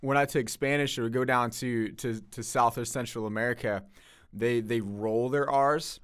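A man in an easygoing podcast chat, his voice smooth and clean at a middle pitch. He laughs along readily and keeps the talk relaxed. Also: moderate pace. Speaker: podcast co-host.

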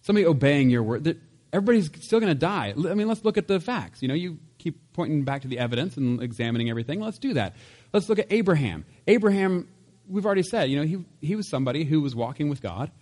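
A man's voice: fairly high pitch, big pitch swings, quick pace, darkish tone. A man preaching a casual, conversational sermon, chatty with laughs and asides. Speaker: pastor.

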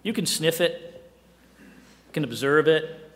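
A middle-aged man preaching a sermon in a conversational way, often dropping to a hushed voice for emphasis and asking the listeners rhetorical questions. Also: fairly high pitch, animated, slow, big-room sound. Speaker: pastor.

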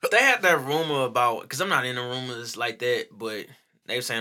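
A man with a very bright, forceful voice speaks, chatting casually as a co-host. He is animated and profane, laughing a lot and acting out what others say. His pitch sits in an ordinary middle range. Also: a little fast. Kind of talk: casual chat.

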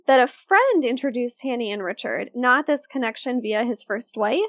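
A woman co-hosting a casual true-crime podcast, telling the case in a chatty, animated way with lots of fillers. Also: a little high, moderate pace, dry recording, muffled recording.

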